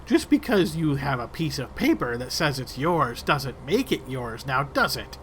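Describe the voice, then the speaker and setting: A man's voice: medium pitch, sing-song, normal speed, fairly bright tone, a little hiss or hum. A man voicing a menacing female wererat gang leader in a tabletop game, speaking in a taunting, threatening manner.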